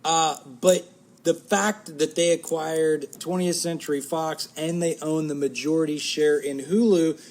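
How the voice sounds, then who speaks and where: A man with a high voice and darkish tone co-hosts a casual talk show podcast. He rambles and jokes, correcting himself as he goes.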